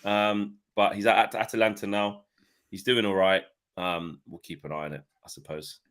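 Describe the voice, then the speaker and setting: A man co-hosting a casual football podcast, chatty and quick to laugh, with many fillers. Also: fairly low pitch, fairly even intonation, fairly bright tone. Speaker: podcast co-host.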